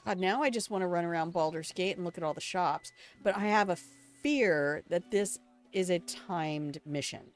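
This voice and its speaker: A woman's voice: on the low side, moderate pace, faint music behind. Older woman chatting over her gameplay. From Alabama, United States. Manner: chatty, rambling storyteller talking to chat. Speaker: game streamer. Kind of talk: casual let's-play commentary.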